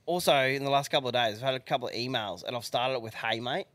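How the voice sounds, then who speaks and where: An Australian man co-hosting a casual podcast, telling stories in a relaxed, jokey way. His pitch sits in the middle range, and the recording is dry and close. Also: fast talker, no room sound. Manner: laid-back storytelling with laughs. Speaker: podcast co-host. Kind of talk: casual chat.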